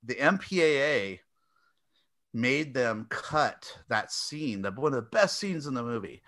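A man co-hosting a casual podcast, retelling movie scenes in an animated way with laughs and acted-out bits. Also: medium pitch, measured pace, dry recording. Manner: animated storyteller who acts out scenes with squeals and laughs. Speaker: podcast co-host. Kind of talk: casual chat about movies.

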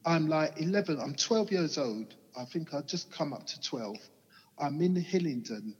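A man's voice: a little high, lively intonation, moderate pace, slightly rough, in a large hall, lo-fi sound. A man with a Cockney accent, a guest telling his life story in a rambling way, often asking "you know what I mean?". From England. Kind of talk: candid personal storytelling.

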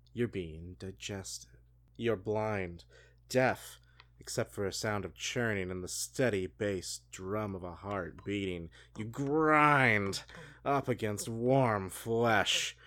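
A man co-hosting a show, reading a gamebook aloud with hushed dramatic delivery and laughing asides. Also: lowish voice. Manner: hushed and slow when reading, then swearing and laughing in asides. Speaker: podcast co-host reading a book aloud. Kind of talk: dramatic read-aloud with banter.

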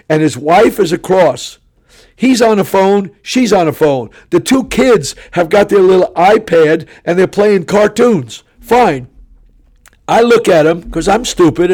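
A man in his seventies, a traveling preacher telling stories in a sarcastic, animated way that often climbs into shouting. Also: high voice. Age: 70s.

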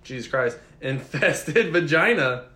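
A man's voice: fairly high pitch, lively intonation, slow pace, bright, forceful tone. A young man co-hosting a podcast, joking in slang with mumbled asides. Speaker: podcast co-host. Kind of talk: casual chat.

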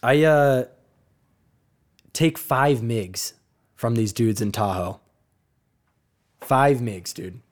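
A young man co-hosting a podcast, telling a profane, animated story and laughing often. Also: mid-range voice, extremely slow, long pauses. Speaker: podcast co-host. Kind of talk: casual storytelling chat.

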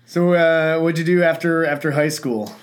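Podcast host guy, kinda high voice, tells stories and does all the voices. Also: moderate pace. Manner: animated storyteller who acts out quotes. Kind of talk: casual conversation.

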